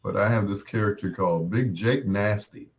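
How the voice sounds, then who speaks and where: A man's voice: on the low side, normal speed. A man hosting a radio music show in casual, rambling on-air chat. He jokes and laughs often.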